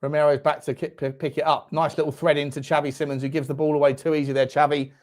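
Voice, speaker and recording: A young man hosting a live football watchalong, reacting loudly, swearing and shouting at the game. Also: fairly high pitch, little pitch movement, quick pace. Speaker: fan channel host. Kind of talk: live match watchalong commentary.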